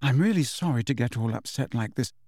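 A man voicing a gentle teenage schoolgirl in an audiobook, speaking softly and haltingly through tears. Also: mid-range voice, expressive, no echo, studio quality. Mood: tearful. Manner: halting, tearful delivery. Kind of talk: audiobook character voice.

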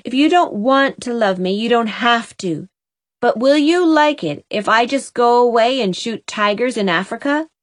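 A woman's voice: fairly high pitch, lively intonation, normal speed, no room sound, clean studio sound, voice pushed up, lightly acted. Woman doing an indignant young boy. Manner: defiant, rebellious outbursts.

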